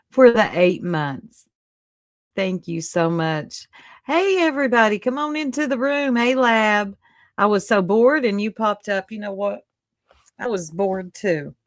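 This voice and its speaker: A woman's voice: mid-range voice, dry recording, clean studio sound. A woman hosting a livestream, chatting casually with her viewers, greeting them by name and laughing often. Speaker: livestream host. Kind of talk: casual chat with live viewers.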